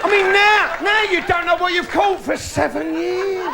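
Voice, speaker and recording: A man's voice: extremely high pitch, moderate pace, creaky. A middle-aged man doing a bawdy stand-up routine on a theatre stage, telling cheeky stories with punchlines. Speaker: stand-up comedian. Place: theatre stage before a live audience. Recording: noisy live recording with loud laughing crowd.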